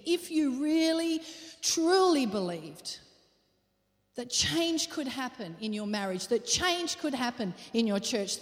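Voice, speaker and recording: A woman preaching a sermon in an earnest, questioning way, repeating phrases for emphasis. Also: a little high. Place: church hall. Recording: long hall reverb.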